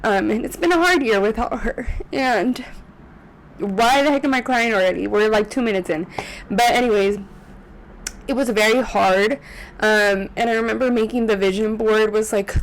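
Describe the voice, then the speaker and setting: Tearful young woman vlogging, rambling softly. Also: medium pitch, fairly even intonation, moderate pace, rough recording. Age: 20s. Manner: chatty, rambling, with many ums and self-corrections. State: tearful, on the verge of crying. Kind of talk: casual vlog talk to camera. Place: corner of her apartment room. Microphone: USB desk microphone.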